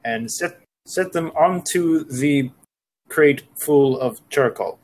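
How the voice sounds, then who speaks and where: A man playing a tabletop game, thinking aloud in a relaxed, casual way. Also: a little high, slow pace, slight background noise, rough recording. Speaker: player.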